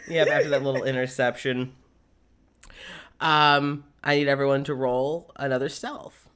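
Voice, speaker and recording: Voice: mid-range voice, steady tone, moderate pace, fairly bright tone, smooth. A playful game master narrating a live tabletop game over a video call, often laughing.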